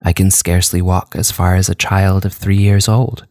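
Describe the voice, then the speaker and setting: A man voicing a languid, drowsy young female vampire countess in an audiobook reading, speaking softly with sighs. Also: low voice, flat delivery, moderate pace, no echo, studio quality, natural voice. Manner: languid, soft, sighing.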